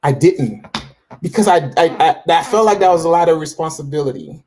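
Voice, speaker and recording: A slightly high, expressive male voice, a little fast and a little mellow, with slight background noise. The man, in his forties, is an interview guest casually recounting his faith journey with self-assured conviction, restarting often and using many fillers.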